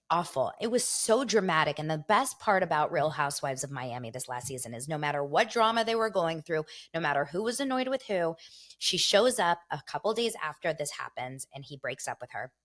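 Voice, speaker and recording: A middle-aged woman hosting a casual gossip show, chatty and animated, talking straight to her viewers. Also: sits low. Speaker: show host.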